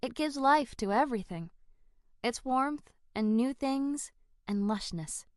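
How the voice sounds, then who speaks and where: A woman voicing a gentle mother who patiently explains colors to her daughter in an audiobook. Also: high-pitched, lively intonation, slow, no room sound, studio quality, voice pushed up. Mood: explaining.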